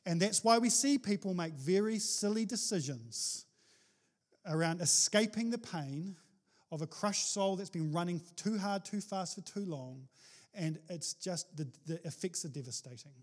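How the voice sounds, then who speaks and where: Man, pastor, sermon, high voice, animated, jokey. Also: moderate pace. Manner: animated, jokey preaching with rising exclamations.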